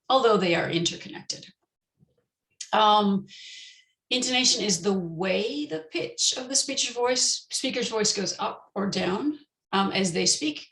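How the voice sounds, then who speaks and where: A woman presenting an online teacher-training lecture, explaining step by step with frequent pauses and slowing down to model example sentences. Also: mid-range voice, gravelly, fairly bright tone, echoey room, poor audio.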